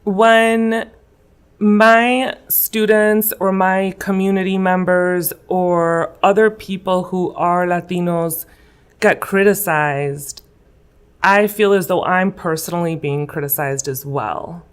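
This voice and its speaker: Earnest woman with a smooth voice. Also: fairly low pitch, steady tone, slow pace. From West Chicago, Illinois. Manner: earnest, emotional, many fillers. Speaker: guest, political candidate. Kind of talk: interview answers. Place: school room.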